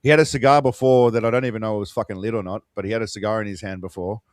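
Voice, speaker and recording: Fast-talking dry man. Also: on the low side, fairly even intonation, a little mellow, dry recording. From Australia. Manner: dry, teasing jokes. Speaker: podcast co-host. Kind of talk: casual movie commentary chat.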